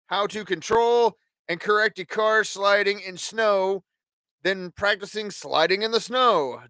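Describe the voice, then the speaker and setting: A man in his forties with a high, bright voice delivers a rambling, swear-heavy rant as a talk show host. The sound is dry and close, with no room echo. He jumps from one opinion to the next in a loose, casual way. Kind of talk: casual ranting monologue.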